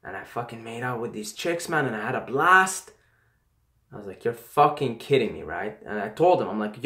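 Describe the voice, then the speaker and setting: Animated, swearing man telling stories, echoey room. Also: medium pitch, normal speed. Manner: animated, swears often, acts out quoted speech. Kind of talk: casual storytelling.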